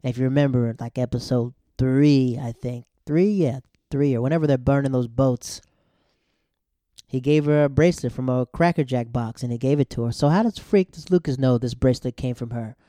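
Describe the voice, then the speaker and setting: Mellow-voiced man chatting through a recap. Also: mid-range voice, no echo, clean studio sound. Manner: chatty, slangy, acts out character lines in quick bursts. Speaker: TV episode recapper. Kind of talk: casual episode recap.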